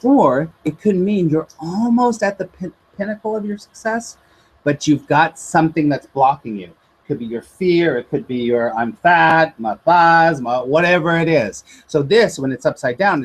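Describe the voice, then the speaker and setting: A man teaching tarot in a chatty, animated way, often checking in with his listeners. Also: on the high side, husky, poor audio. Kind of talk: informal teaching talk.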